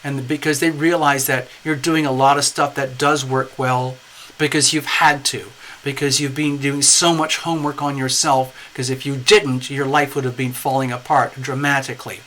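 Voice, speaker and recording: A man's voice: mid-range voice, level tone, normal speed, fairly bright tone. A man giving a live-streamed tarot reading in a chatty, rambling way, often checking in with "okay?" and greeting viewers. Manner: lots of "okay?" and "you know". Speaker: tarot reader.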